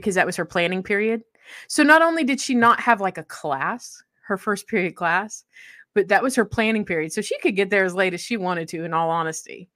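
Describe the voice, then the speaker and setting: A young adult woman warmly telling a personal story in casual conversation, laughing often mid-sentence. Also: medium pitch, fairly quick, no echo, clean studio sound.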